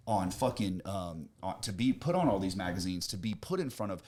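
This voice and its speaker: A man's voice: very animated, brisk. Brash, swearing young man from Florida. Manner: brash, boastful, swears a lot, swings from loud to low. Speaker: podcast host, business owner. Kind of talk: casual chat.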